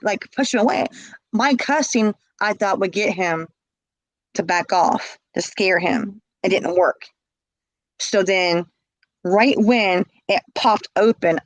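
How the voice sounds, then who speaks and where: A woman's voice: mid-range voice, no room sound, poor audio. A woman telling her own story in casual speech, blunt and emphatic, often repeating words.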